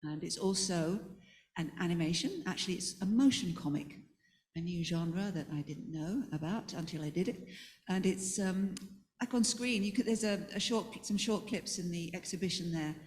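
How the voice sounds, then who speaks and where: A woman's voice: on the low side, moderate pace, a little mellow. A woman with an English accent, introducing herself as a cartoonist on a discussion panel in a chatty, self-deprecating way. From England. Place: event hall. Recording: long hall reverb, faint noise.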